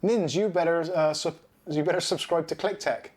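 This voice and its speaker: A man's voice: on the high side, normal speed, darkish tone, husky. Chatty British man hosting a live stream. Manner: chatty, rambling, reads out viewer comments. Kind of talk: casual live stream chat.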